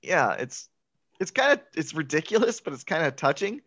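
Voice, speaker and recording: A man's voice: fairly high pitch, moderate pace, no room sound. A man casually recapping a movie as a podcast co-host, chatty and laughing often. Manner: chatty, laughs often, quotes lines in excited voices. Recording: dull lo-fi, dry.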